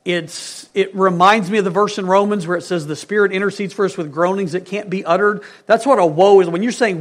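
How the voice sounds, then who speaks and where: A male pastor preaching a sermon in an earnest way, moving between emphatic lines and hushed ones. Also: sits high, fairly even intonation, fairly quick, hardly any pauses.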